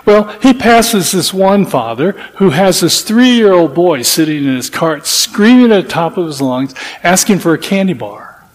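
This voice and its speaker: Preacher, male, slightly high voice, folksy storyteller, long hall reverb. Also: animated, unhurried. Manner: folksy, rambling with restarts. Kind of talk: sermon with storytelling.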